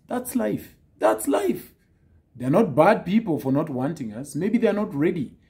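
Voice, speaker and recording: Man, casual advice talk, mellow voice that swoops up and down, teasing delivery. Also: fairly high pitch. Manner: lively, teasing, acts out quoted texts. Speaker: dating advice speaker.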